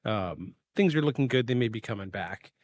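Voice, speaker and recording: Rambling man clearing his throat. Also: fairly low pitch, lively intonation, normal speed, dry recording. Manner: rambling, many fillers, self-correcting. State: keeps clearing throat from pollen allergies. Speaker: podcast host. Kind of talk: casual live podcast chat. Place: home setup in the eastern US.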